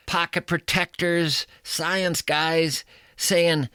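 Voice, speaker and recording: A male radio host doing a comic monologue with playful mock-outrage and drawn-out emphasis. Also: a little high, level tone, sharp tone, clean tone, no echo, studio quality.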